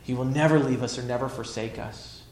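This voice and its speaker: A male pastor preaching a sermon emphatically, swinging between loud declarations and hushed lines. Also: medium pitch, steady tone, a little fast, reverberant.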